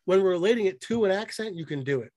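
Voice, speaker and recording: A man co-hosting a podcast in casual chat, excited and profane, mocking what he talks about. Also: high voice, no echo. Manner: excited, profane, mocking, quick bursts of mimicry. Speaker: podcast co-host.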